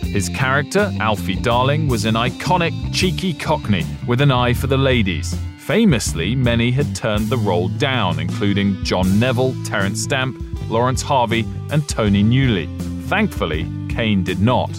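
Male documentary narrator, mid-pitched, calm and measured, over a guitar bed. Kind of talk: scripted narration. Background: music bed.

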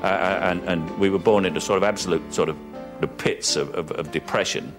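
A man's voice: deep voice, steady tone, brisk, over music. A man with a London Cockney accent talking in an archive interview, rambling and repeating words while he searches for them.

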